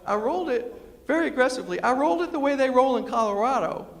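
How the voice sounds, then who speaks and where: Middle-aged new guy doing comic storytelling onstage, kinda high voice, big echoey hall. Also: fast talker. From New York City. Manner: animated, quotes people in acted voices, asks the audience questions. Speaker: storyteller and humorist. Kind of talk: comic storytelling talk to a live audience. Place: university lecture hall. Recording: long reverb of a lecture hall.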